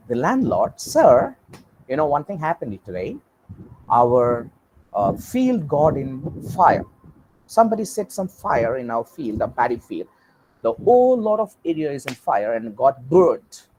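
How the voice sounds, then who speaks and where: A man's voice: slight background noise, low-quality recording. A man giving an online lecture, telling a story and acting out its characters. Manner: animated, acts out story characters with big pitch swings. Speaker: guest lecturer.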